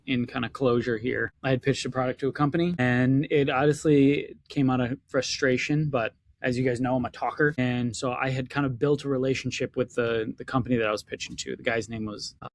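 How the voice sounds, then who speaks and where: A man's voice: medium pitch, brisk, no echo. A man co-hosting a casual podcast chat as an inventor coach, telling stories animatedly and acting out the lines he quotes. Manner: animated storyteller, acts out quoted dialogue.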